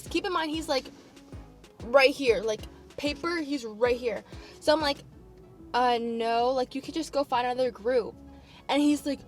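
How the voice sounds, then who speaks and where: Young woman, high-pitched, casual storyteller acting out quotes over soft music. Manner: animated, acts out quotes. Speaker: vlogger.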